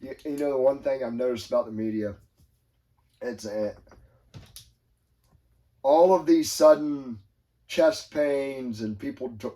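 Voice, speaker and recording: Male podcast host, middle-pitched, rambling and animated casual chat. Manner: rambling, animated, quick asides and quoted voices.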